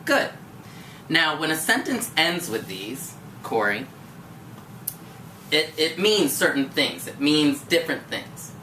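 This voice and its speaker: A woman's voice: deep voice, big pitch swings, slow pace, pauses often, bright, forceful tone. A woman teacher, patient and encouraging, tutoring a student one-on-one with many questions. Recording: echoey room from far off, faint noise.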